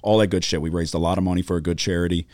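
A podcast co-host in the studio spins an animated story full of swearing, his casual talk rising sharply in pitch when he gets worked up. He speaks in rapid-fire bursts on a dry recording.

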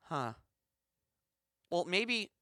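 Bright-voiced, playful man interviewing. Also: high-pitched, sing-song, extremely slow, no echo, clean studio sound. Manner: mock-earnest, playful interviewer. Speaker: podcast co-host. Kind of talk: improvised comedy podcast.

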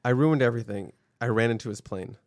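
A man's voice: mid-range voice, fast talker, dry recording, studio quality. A man co-hosting a casual podcast chat, blunt and teasing. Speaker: podcast co-host.

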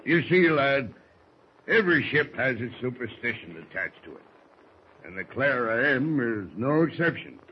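An actor playing a gruff, salty ship's first mate who talks in hearty seafaring dialect, in 1940s radio drama style, on a dull, faintly hissy old radio recording. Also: male voice, medium pitch, very animated, moderate pace, lightly acted. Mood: gruff yarn-spinning.

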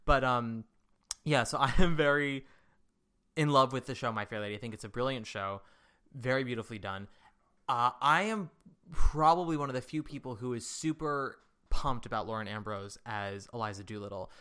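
A man's voice: medium pitch, moderate pace, sharp tone, clear, resonant tone. A man co-hosting a podcast, chatting casually and with opinions. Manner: opinionated, enthusiastic theater talk. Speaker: podcast co-host. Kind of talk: casual chat.

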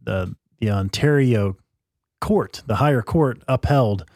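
A man's voice: medium pitch, slow, a little mellow, no room sound, studio quality. A man co-hosting a podcast in casual chat, talking in loose, restarting sentences. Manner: chatty, trailing restarts. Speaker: podcast co-host.

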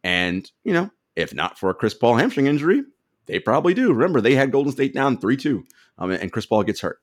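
A man's voice: mid-range voice, sing-song, brisk. A man co-hosting a casual sports podcast, telling stories animatedly and laughing often. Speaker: podcast co-host.

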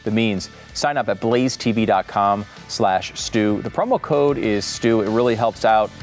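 A man's voice: lowish voice, measured pace, faint music behind. A man hosting a political talk podcast, delivering sarcastic commentary with frequent asides. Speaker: podcast host.

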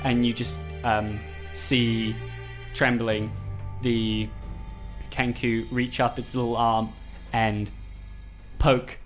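A man narrating a tabletop game as game master, hesitant and filling pauses with "um". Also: mid-range voice, level tone, faint music behind. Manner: unhurried, hesitant, many "um"s.

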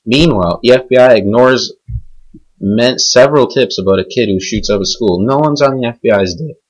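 A man's voice: medium pitch, normal speed, rough recording. A young man hosting a podcast, ranting angrily and unscripted, swearing heavily and rambling from point to point. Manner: furious, profane, rambling. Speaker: podcast host. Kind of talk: angry unscripted podcast rant.

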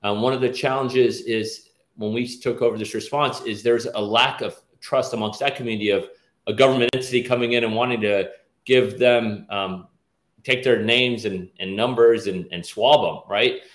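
Man, middle-aged, guest surgeon, halting speech, frequent restarts, echoey room. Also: medium pitch, fairly even intonation. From Nashville, US South. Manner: halting, many restarts and fillers. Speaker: guest, orthopedic surgeon and task force chair. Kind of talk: interview conversation.

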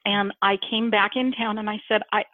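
A woman in her fifties, candid and animated, telling personal stories with frequent laughter in a casual chat. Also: medium pitch, normal speed, no room sound. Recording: tinny phone line.

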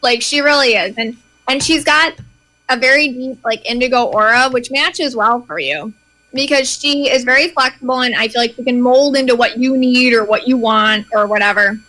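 A woman gives an aura reading in a confident, reassuring way. Her voice is high and bright, with a sharp edge. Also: normal speed, rough recording. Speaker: aura reader. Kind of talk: psychic reading.

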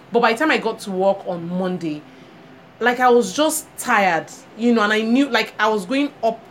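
A woman co-hosting a chat show, telling a story with animation and acting out the people she quotes. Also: on the low side. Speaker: podcast co-host. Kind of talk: casual chat. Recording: faint background noise.

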